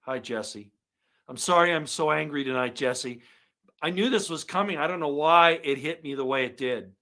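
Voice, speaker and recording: A man giving an angry monologue to his viewers, swinging from loud outbursts to low muttering. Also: moderate pace. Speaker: online commentator.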